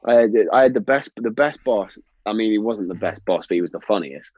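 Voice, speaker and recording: Low-voiced swearing man. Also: expressive, brisk, no room sound, highs cut off. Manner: swearing, laughing storyteller. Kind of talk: casual chat.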